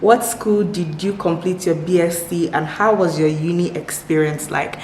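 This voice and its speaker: A woman's voice: fairly low pitch, fairly even intonation, moderate pace, few pauses, darkish tone, slight background noise. A woman from Nigeria in her twenties answering viewer questions in a casual chat, upbeat, often repeating words for emphasis. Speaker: vlogger. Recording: echoey room with faint ambience.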